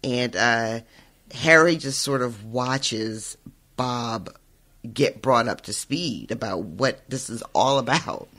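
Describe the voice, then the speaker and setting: A man's voice: medium pitch, slow pace, pushed and bright. A man co-hosting a podcast, summarizing book chapters in a rambling way, with frequent laughter and fillers. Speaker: podcast co-host. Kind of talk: casual book discussion chat.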